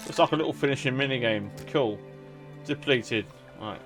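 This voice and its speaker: A man's voice: mid-range voice, moderate pace, over music. A man with a cold giving casual, rambling commentary while playing a video game. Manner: rambling, chatty, self-restarting. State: has a cold. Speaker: gaming YouTuber. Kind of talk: casual let's-play commentary.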